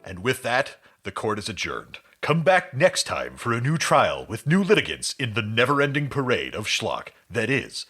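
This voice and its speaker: A man's voice: medium pitch, huge pitch swings, moderate pace, few pauses, fairly bright tone, slightly rough, faint music behind. A man co-hosting a casual podcast, making teasing jokes and signing off like a mock courtroom. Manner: joking, teasing. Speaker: podcast co-host.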